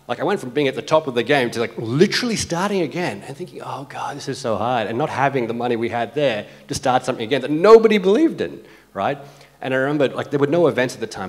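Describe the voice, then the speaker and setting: A man's voice: fairly low pitch, darkish tone. A man giving a motivational keynote as an agency founder, telling stories in a conversational way, full of "like" and "right?". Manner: conversational storytelling with frequent "like" and "right?". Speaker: conference speaker and agency founder.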